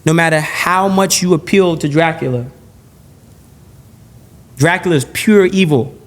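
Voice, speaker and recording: A man with a notably high-pitched voice holds forth as a podcast guest in a heated interview. He talks in an animated rush, stacking and repeating phrases, restarting sentences and swearing bluntly. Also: measured pace. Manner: blunt and profane.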